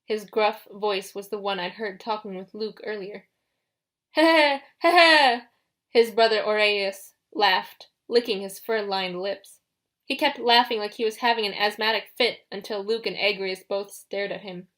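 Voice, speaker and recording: A woman narrating a fantasy audiobook in steady first-person storytelling. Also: mid-range voice, moderate pace.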